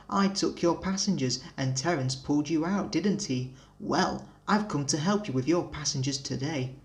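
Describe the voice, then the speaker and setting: A man voicing a teasing, boastful male bus in a storybook reading, slow and mocking. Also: a little high, natural voice.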